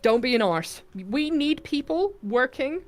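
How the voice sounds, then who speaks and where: A woman's voice: high-pitched, lively intonation, a little slow, faint music behind. A woman hosting a casual live stream from home, chatty and laughing, reading out viewer messages. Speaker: livestream host.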